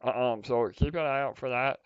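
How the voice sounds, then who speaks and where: A man's voice: medium pitch, brisk, smooth, no echo, lo-fi sound. A man hosting a livestream community update for a crypto project, upbeat and full of fillers and restarts.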